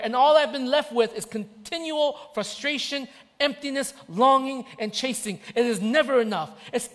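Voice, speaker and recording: A man's voice: very high-pitched, a bit bright. A man preaching a sermon as pastor, impassioned and repetitive. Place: church. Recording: church hall reverb.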